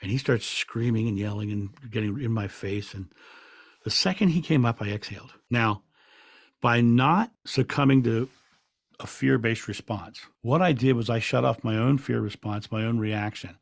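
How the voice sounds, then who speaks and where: Calm male podcast guest with a gravelly voice, dry sound, reflective storyteller who restarts often. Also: medium pitch, moderate pace, dry recording. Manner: calm, reflective, with frequent restarts and soft laughs. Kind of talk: relaxed storytelling in an interview.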